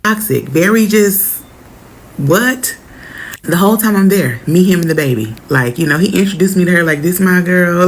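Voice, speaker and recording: A woman tells a personal story in a relaxed, chatty way. She brings the people in it to life by mimicking them. Her voice sits a little low, with a gravelly, creaky edge. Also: normal speed, slight background noise. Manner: animated, acts out quoted people. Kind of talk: casual storytime.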